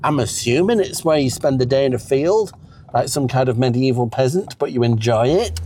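A man in a comedic character chat, rambling in a deadpan way with snobbish asides. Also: medium pitch, normal speed, slight background noise.

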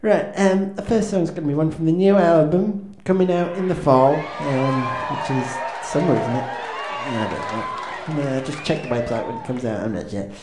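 A man's voice: on the high side, normal speed, few pauses, a crowd in the background, background noise. A man doing awkward, self-deprecating stand-up patter as a band's frontman, hesitating with lots of ums and restarts. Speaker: comedic frontman of a band. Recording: echoey room with faint ambience.

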